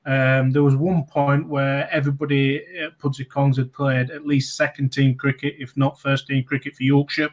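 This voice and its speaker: A man's voice: mid-range voice, flat delivery, moderate pace, hardly any pauses. A man in his forties, a former sportsman, telling casual anecdotes with lots of ums, restarts and laughs. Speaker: guest, former cricketer. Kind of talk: casual interview storytelling.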